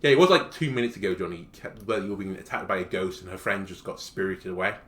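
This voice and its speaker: A man's voice: low voice, expressive, quick pace, fairly bright tone. A man playing a horror game and making wry, playful asides while reading the story aloud. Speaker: game streamer. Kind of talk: let's play commentary. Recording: echoey room.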